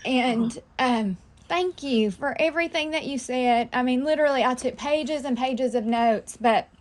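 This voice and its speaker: A woman's voice: high-pitched, a little slow. A woman on a video call, emotional and gushing as she thanks a speaker. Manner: gushing, effusive. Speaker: sales consultant, meeting participant. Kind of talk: casual video-call sharing. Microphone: video call microphone.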